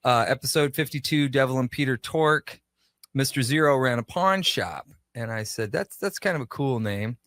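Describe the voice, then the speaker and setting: Guy on a radio show telling a story, bright voice, does little voices for everyone he quotes, dry close mic. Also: medium pitch, moderate pace, no room sound. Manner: animated, acts out quoted dialogue. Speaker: shop owner, guest. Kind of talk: casual storytelling interview.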